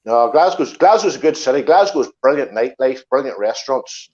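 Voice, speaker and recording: A man's voice: mid-range voice, animated, moderate pace, a little mellow, highs cut off. A man from Northern Ireland with a Northern Irish accent, chatting casually as a guest, using local words. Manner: chatty, uses local words like aye and wee. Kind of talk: casual chat.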